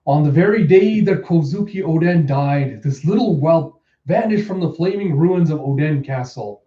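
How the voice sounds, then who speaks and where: A man's voice: on the high side, animated, normal speed, warm tone, distant mic, close to an everyday voice. A man voicing a scheming male villain lord from a comic who gloats as he tells a tale. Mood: gloating. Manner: gloating, storytelling. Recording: echoey room, dull lo-fi.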